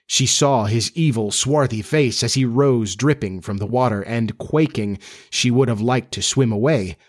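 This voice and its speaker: A man narrating a children's storybook in a steady, measured reading voice. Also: medium pitch.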